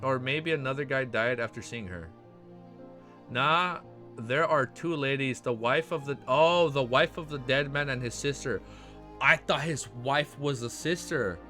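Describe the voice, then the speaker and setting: A man hosting a web novel reaction, reading chapters aloud and breaking off into excited asides and frequent laughter. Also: medium pitch, a little slow, soft background music.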